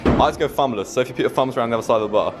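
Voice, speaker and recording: A man's voice: mid-range voice, racing. A young man casually explaining his arm workout in a gym, coaching and swearing freely. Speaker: fitness vlogger.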